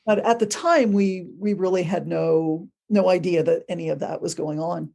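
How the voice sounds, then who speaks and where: A woman on a podcast recounts a ghost story in a relaxed, conversational way. Her tone is mellow and warm, and she brings the tale to life by acting out the people in it. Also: on the low side, normal speed, gravelly. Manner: animated, acts out quoted voices. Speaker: podcast guest, ghost tour guide. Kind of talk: casual storytelling.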